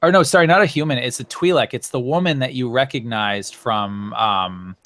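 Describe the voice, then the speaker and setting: A man's voice: medium pitch, normal speed, fairly bright tone, dry recording. Man, game master, tabletop game narration, rambling, fillers, self-corrections.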